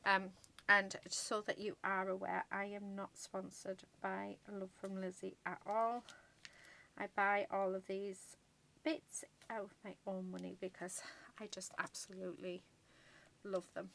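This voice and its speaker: Woman, gushing crafter, lots of ums, slow, bright tone. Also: medium pitch, little pitch movement, creaky, a little hiss or hum. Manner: chatty, gushing, many ums, murmured asides. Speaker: card-making crafter. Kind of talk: casual crafting tutorial chat.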